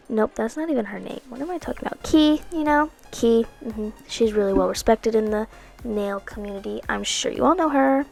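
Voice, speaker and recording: A woman's voice: a little high, vocal fry. A woman narrating a nail art video in a chatty, playful way, correcting herself and tossing in asides. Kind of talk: casual voice-over narration. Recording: soft music underneath.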